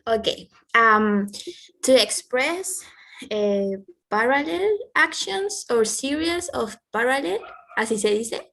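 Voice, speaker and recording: A woman's voice: fairly high pitch, expressive, takes it slowly, gravelly, pushed and bright, rough recording. A woman student, reading an example aloud hesitantly in an online class.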